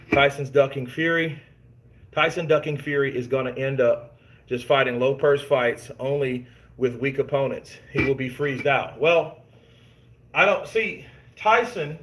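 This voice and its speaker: A man hosts laid-back boxing commentary in a gym, reading out viewer comments and telling stories with animated emphasis while swearing freely. His voice sits at a medium pitch, and the echoey gym room comes through in the recording.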